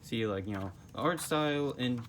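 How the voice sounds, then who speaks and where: A man's voice: mid-range voice, lively intonation, moderate pace, a bit bright, a little hiss or hum. Rambling young man reviewing books. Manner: rambling, full of fillers. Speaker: book reviewer. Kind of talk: casual review. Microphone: phone.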